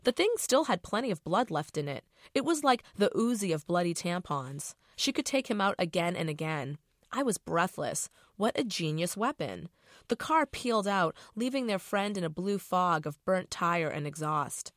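Middle-aged woman author, low voice, casual profane narration, dry close mic. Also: very animated, normal speed, no room sound. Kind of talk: reading her novel aloud.

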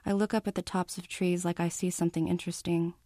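A woman reading her own novel aloud, calm and measured in first person. Her voice sits lowish and mellow, and the recording is close and dry with no room around it. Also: no room sound. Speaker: author.

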